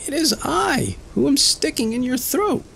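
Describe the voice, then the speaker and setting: Tiny squeaky Tom Thumb. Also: male voice, very animated, unhurried, gravelly, pushed and bright, a little hiss or hum, heavily acted. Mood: piping cries. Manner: shrill squeaky piping cries. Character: tiny brave male thumb-sized tailor hero.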